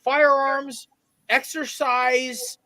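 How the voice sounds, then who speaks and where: Young male co-host, high voice, dry close sound, lively storyteller. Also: very slow, no echo. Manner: animated storyteller. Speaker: podcast co-host. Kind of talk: casual sports podcast banter.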